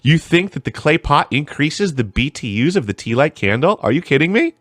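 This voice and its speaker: A man's voice: fairly high pitch, very animated, fairly quick, a bit bright, dry recording, studio quality. A man hosting a casual podcast conversation, blunt and exasperated in tone. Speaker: podcast host.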